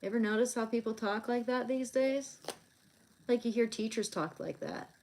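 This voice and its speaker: A woman's voice: fairly high pitch, normal speed, darkish tone, slight background noise. A young woman chatting casually on a live stream while she draws, rambling with many fillers and restarts.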